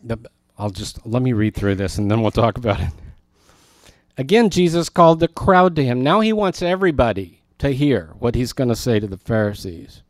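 A man's voice: mid-range voice, big pitch swings, moderate pace, no room sound. A man teaching the Bible verse by verse in a conversational, emphatic way, often turning aside to talk to his class.

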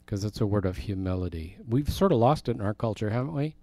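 A man's voice: on the low side, expressive, fast talker, dark tone, no room sound. A man teaching a Bible study in a conversational way, explaining words and asking his listeners questions.

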